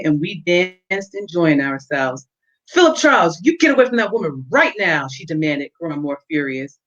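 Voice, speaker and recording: A woman author reading her own novel aloud on a livestream, with steady, expressive storytelling. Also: low-pitched. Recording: dull lo-fi audio.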